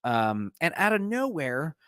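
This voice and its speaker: A man's voice: on the high side, very animated, measured pace, bright, forceful tone, clear, resonant tone, no echo, studio quality. A man hosting a podcast in loose, profane, rambling casual chat. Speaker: podcast host.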